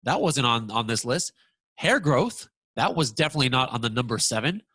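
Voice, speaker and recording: A man presenting a software walkthrough lesson, talking excitedly and stammering when surprised. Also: medium pitch, brisk, husky, dry recording.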